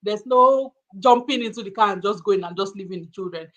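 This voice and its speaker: A woman from Africa hosting a casual interview, asking her guest questions in an animated way. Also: medium pitch, a little fast. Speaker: host.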